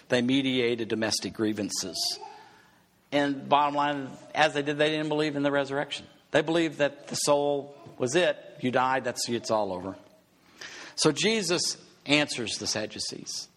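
Male preacher, husky, emphatic teacher, big reverberant hall. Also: mid-range voice, fairly bright tone. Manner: emphatic teaching with rhetorical questions. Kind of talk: sermon.

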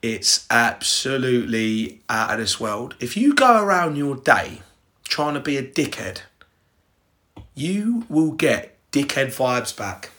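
A man's voice: mid-range voice, sing-song, slow pace, pushed and bright. A young English man telling personal stories in a casual, rambling way, swearing freely and talking straight to his listeners. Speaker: podcast host.

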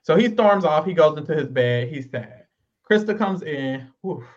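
Animated male co-host recapping a show; lively delivery, muffled lo-fi audio. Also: fairly high pitch, moderate pace. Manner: animated, acts out quotes in voices. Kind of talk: casual recap chat. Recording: dull lo-fi sound.

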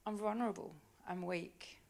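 A woman preaching a sermon in a church, talking conversationally with tag questions and dropping to soft, hushed asides. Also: mid-range voice, fairly even intonation, moderate pace, vocal fry. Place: church stage.

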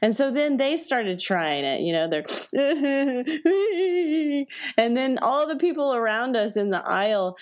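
A woman telling a personal story in a chatty, animated way, acting out voices and reactions, with many fillers. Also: mid-range voice, normal speed, hardly any pauses. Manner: conversational, many fillers like "like" and "right?". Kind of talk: personal anecdote told to an audience.

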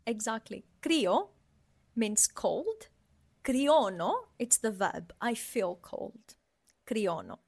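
A woman teaches on a casual podcast, taking her time over each word. She speaks slowly and sounds each word out carefully, then repeats it. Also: fairly high pitch, lively intonation, gravelly, darkish tone, breathy edge. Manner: explains patiently, says the Greek words slowly and repeats them. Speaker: language teacher, podcast co-host. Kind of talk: casual language lesson.

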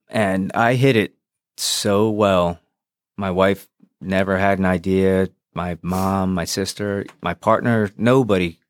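Man, low voice, frank storyteller, swears freely, very dry sound. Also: dry recording. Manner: frank and profane, re-enacts dialogue. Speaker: podcast guest, former police officer. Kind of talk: candid personal storytelling.

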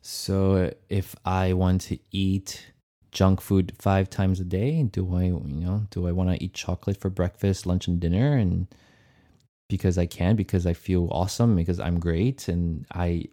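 A man's voice: low voice, level tone, a little slow, dark tone. A man co-hosting a podcast, speaking thoughtfully and with some hesitation in casual chat. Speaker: podcast co-host.

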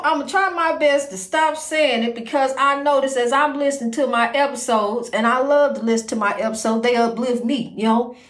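A high-pitched woman offers faith-based encouragement on her own podcast, rambling in a homespun way and saying "you know" often. The room is echoey.

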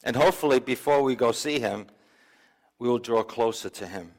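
A man's voice: mid-range voice, normal speed. A male pastor preaching a sermon in a church, talking conversationally with asides and questions to the congregation. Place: church sanctuary. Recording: long reverb of a church hall.

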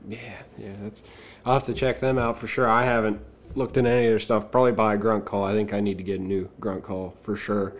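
A man's voice: fairly low pitch, little pitch movement, fast. Easygoing man telling hunting stories. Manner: easygoing, anecdotal, laughs at his own stories. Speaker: podcast guest. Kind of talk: casual storytelling.

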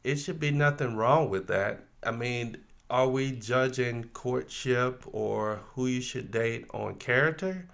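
A middle-aged man in a casual podcast talk who speaks in a relaxed, measured way. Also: medium pitch, creaky. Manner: relaxed, measured, laughs at himself. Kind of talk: casual discussion.

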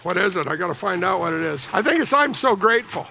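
A male preacher with a high, gravelly voice and a bright, sharp edge to his tone. He preaches with animated energy and jokes with the congregation. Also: fast, slight background noise. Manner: animated, jokey, sings snippets of hymns. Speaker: pastor. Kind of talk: sermon.

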